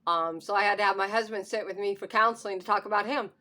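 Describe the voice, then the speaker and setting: A woman's voice: medium pitch, quick pace, sharp tone. Hard-of-hearing woman vlogger, upset, near tears, nervous laughter, camera mic at home. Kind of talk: emotional personal vlog.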